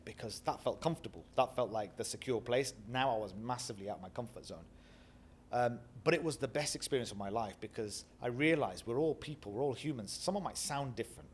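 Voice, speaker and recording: A middle-aged man from Bradford with a Northern English accent, telling animated stories as an interview guest and acting out the voices of people he quotes. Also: medium pitch, fast talker, slight background noise. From Bradford, England. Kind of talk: reflective storytelling interview.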